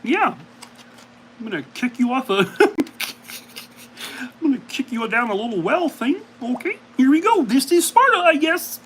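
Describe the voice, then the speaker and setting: A man voicing a squeaky frog puppet who shouts goofy war cries. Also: expressive, normal speed, pauses often, a little hiss or hum. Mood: goofy shouting.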